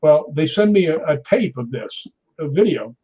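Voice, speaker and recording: This interview guest is a man in his sixties whose fairly high voice carries a breathy edge at a normal pace. Animated and theatrical, he recounts stories by performing what others said, captured on muffled lo-fi audio.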